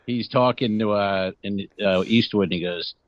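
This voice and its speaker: A man's voice: fairly low pitch, normal speed, no echo, muffled recording. A man co-hosting a comedy podcast over a video call, joking around and acting out movie scenes. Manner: teasing, acts out movie lines in goofy voices. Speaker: podcast co-host. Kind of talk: casual comedic banter.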